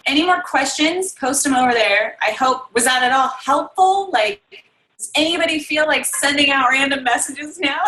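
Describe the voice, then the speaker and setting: A woman's voice: sits high, lively intonation, normal speed, bright, forceful tone, slight background noise. A woman hosting a casual team video call, rambling and reading out comments, with lots of ums and likes. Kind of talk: casual chat. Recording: echoey room on a video call.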